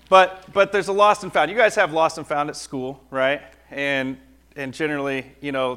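A middle-aged man giving a lively, conversational children's sermon, often asking the kids "right?". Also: a little high, clear, resonant tone.

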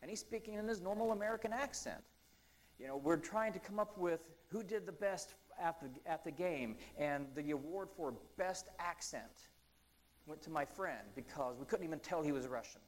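A man preaching a conversational sermon, chatty and full of ums and asides, who slows down to read scripture aloud. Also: fairly high pitch, rough recording.

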